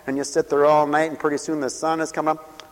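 Impassioned high-voiced preacher in a hall. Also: male voice, level tone, fast talker. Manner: impassioned preaching, swelling loud on scripture and dropping to quiet storytelling. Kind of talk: radio sermon. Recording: long hall reverb.

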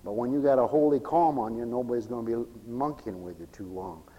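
A man preaching a lively sermon, animated and folksy, swinging between loud exclamations and hushed asides, with laughs between lines. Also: mid-range voice, fairly quick, dull audio, slight background noise. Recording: long hall reverb.

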